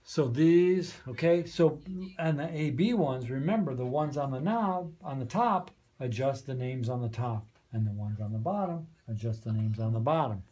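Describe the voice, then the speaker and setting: Mellow-voiced man teaching a radio board. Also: medium pitch, lively intonation, normal speed, hardly any pauses. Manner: patient, repeats "okay?" to check understanding. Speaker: radio station trainer. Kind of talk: hands-on training walkthrough. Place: small community radio studio.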